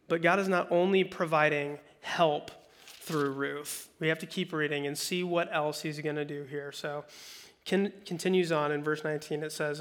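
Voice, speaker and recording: A male pastor preaches in a relaxed, conversational style, reading scripture aloud and breaking into acted-out quotes. His voice is bright and sharp, sitting a little higher than most men's. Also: normal speed. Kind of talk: sermon.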